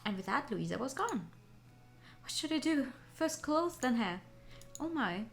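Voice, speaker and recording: A woman on a gaming stream, reading a visual novel aloud with excitable, giggly reactions. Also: fairly high pitch, measured pace, creaky, pauses often. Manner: excitable, giggly, swears casually.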